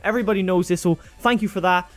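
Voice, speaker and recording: A man impersonating a cocky male YouTuber who talks briskly and boasts about himself. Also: high-pitched, steady tone, soft background music, natural voice. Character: cocky male YouTuber, self-proclaimed trade-up king.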